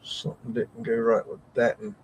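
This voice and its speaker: A man's voice: medium pitch, completely flat delivery, moderate pace, a little hiss or hum, rough recording. Brief: male host, live reaction commentary, exclamatory and rambling, easily amazed. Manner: exclamatory, frequent mild swearing, thinking aloud.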